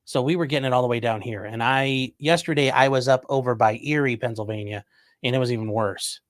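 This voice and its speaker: A man's voice: medium pitch, a little fast, no room sound. A man from Ohio hosting a livestream, casually reading viewer comments aloud and answering them with dry jokes. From Ohio, USA. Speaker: livestream host reading chat. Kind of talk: casual chat.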